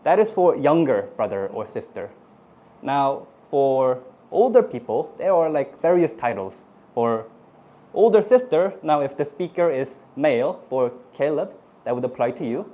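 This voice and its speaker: Korean-accented teacher, man, lively. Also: medium pitch, measured pace, lo-fi sound. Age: middle-aged. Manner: animated, switches into cute playful put-on voices for examples. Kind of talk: classroom teaching. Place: classroom.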